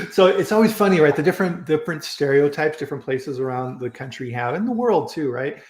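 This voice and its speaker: A man's voice: a little high, animated, normal speed. A man hosting a live online chat, talking casually and rambling with restarts and fillers. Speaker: host of a live online food safety chat. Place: home in Colorado. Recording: roomy echo.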